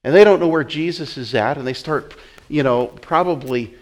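A man preaching a sermon in an animated way, often repeating words as he acts out the scene. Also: a little high, moderate pace.

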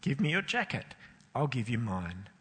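A man voicing a tall, gentle, sorrowful male rag man who speaks with quiet authority and cries his wares aloud like a street vendor. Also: mid-range voice, big pitch swings, normal speed, a little hiss or hum. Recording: long hall reverb.

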